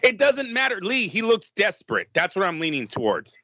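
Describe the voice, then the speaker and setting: A man co-hosting a boxing podcast, chatting casually and laughing through animated, rambling retellings. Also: high-pitched, fairly quick, no room sound. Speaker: podcast co-host.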